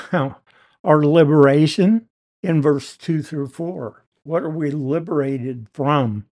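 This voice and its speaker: Slow, emphatic man teaching scripture. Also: on the high side, a little mellow. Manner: explanatory, emphatic on key words. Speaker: Bible teacher. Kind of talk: verse-by-verse Bible teaching.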